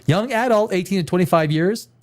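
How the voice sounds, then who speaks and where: This live stream host talks briskly in a high voice with a darkish tone, chatting casually from his desk chair at home. His talk is rambling and sarcastic, with the occasional swear word and mocking impressions of other people.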